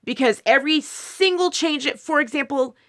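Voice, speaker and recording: A woman with a bright, forceful tone and a fairly high voice tells a personal story straight to camera. She rambles, restarts her sentences and breaks into quoted lines of dialogue as she goes. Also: moderate pace. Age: adult, married. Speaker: video creator. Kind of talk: casual monologue to camera.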